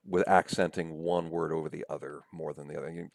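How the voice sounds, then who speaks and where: A man giving a recorded lecture as a professor, speaking patiently, often checking in with "right?" and slowing down to sound out words. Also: extremely low pitch, little pitch movement, vocal fry, a little mellow, no room sound. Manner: slows down to sound out syllables.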